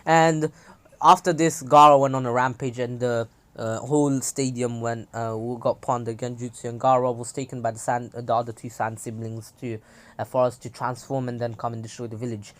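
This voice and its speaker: A man's voice: medium pitch, flat delivery, fairly quick. A young man casually retelling a fan story, rambling with many fillers and restarts. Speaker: channel host.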